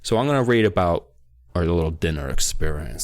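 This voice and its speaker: A man recapping a book on a podcast, his pitch swinging widely as he jumps into goofy voices for the characters. His talk is loose and casual, with lots of reading aloud. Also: lively intonation, brisk. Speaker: podcast co-host.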